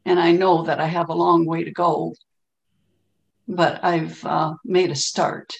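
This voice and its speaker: A woman sharing at an online recovery meeting, halting and emotional, with many pauses and fillers. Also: on the low side, level tone, gravelly, highs cut off. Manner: halting, many ums, tearful. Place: home, on a video call. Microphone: video call.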